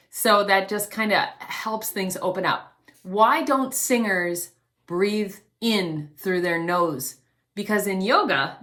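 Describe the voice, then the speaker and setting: A woman vocal coach teaching an online singing lesson, explaining calmly and demonstrating quiet breaths. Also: medium pitch. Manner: gently instructive, demonstrates breaths.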